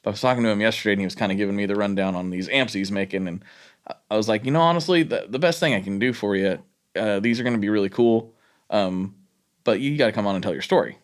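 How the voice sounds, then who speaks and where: A man co-hosting a casual podcast, laid-back and affirming, animated when retelling a story. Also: lowish voice, fast talker. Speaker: podcast co-host.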